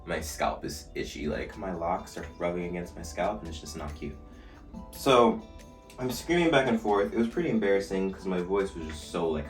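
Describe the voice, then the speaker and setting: Young male vlogger, deep bright voice, roomy echo with faint music behind, animated storyteller. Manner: animated storytelling, shouting re-enacted lines. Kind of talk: casual storytime while doing a routine. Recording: echoey room, mic at a distance, faint music.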